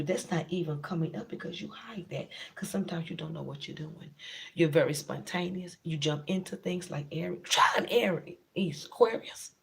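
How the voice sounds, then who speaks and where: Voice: medium pitch, creaky, darkish tone. A tarot reader giving a blunt, casual reading to viewers, repeating points and talking frankly in slang. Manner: blunt and repetitive, drives points home.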